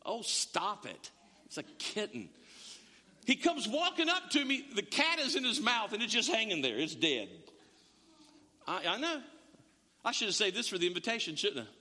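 A man's voice: high voice, big pitch swings, moderate pace, bright, forceful tone. A male pastor giving a conversational sermon in a church, full of stammering restarts and joking asides. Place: church sanctuary. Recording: long church reverb.

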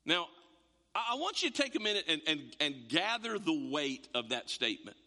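A man preaching a sermon as pastor, animated, repeating words and acting out quotes. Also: a little high, moderate pace. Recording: long hall reverb.

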